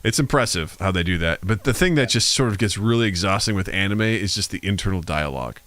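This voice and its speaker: A man co-hosting a casual podcast chat, swearing and acting out quoted voices with big pitch jumps. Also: animated, quick pace, a bit bright, dry recording. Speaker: podcast co-host. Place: studio, live stream.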